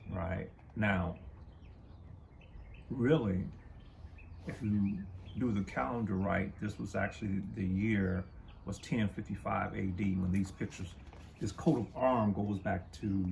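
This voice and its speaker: A man co-hosting a casual talk channel, talking haltingly with many fillers while he shows books and pictures. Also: fairly low pitch, vocal fry, darkish tone, a little hiss or hum. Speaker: co-host of a history talk channel.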